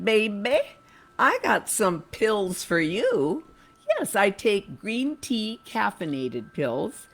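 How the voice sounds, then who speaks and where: A woman hosting a chatty livestream show from her home studio, with playful, theatrical, campy humor. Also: lowish voice. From United States. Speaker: host and cabaret singer. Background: music.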